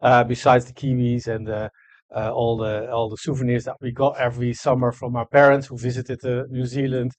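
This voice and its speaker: A man whose first language is Dutch, speaking as an ambassador in a fireside chat, halting with many fillers and restarts. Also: mid-range voice, little pitch movement, dry recording. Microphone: no microphone, room.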